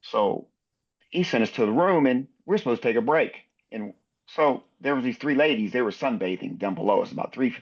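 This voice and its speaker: A man's voice: mid-range voice, animated, brisk, husky, dull audio. A man in his sixties, a basketball referee, telling anecdotes in a podcast interview and acting out other people's lines.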